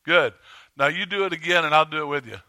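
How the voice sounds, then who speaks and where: A man preaching a sermon as pastor, conversational and halting with fillers and restarts, rising when he stirs up the congregation. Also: very noisy. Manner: rises in pitch and volume when stirring the congregation. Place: church sanctuary.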